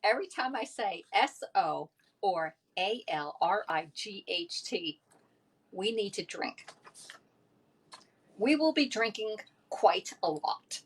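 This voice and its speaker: A woman's voice: medium pitch, lively intonation, takes it slowly, slightly rough. A woman hosting a casual cooking demonstration, chatty and rambling, often laughing at herself. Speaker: home cooking host. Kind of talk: casual cooking demo chat.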